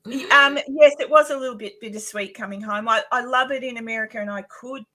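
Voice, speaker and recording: A woman's voice: fairly high pitch, fast talker, bright, forceful tone. An Australian woman chatting casually on a livestream, laughing often and trailing off mid-sentence. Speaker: co-host of a paranormal livestream. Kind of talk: casual chat.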